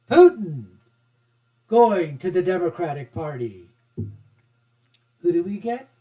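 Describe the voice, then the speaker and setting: Animated, mocking male political host. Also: high voice, rough recording. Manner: mocking, animated, big swings from loud to quiet. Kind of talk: political commentary vlog.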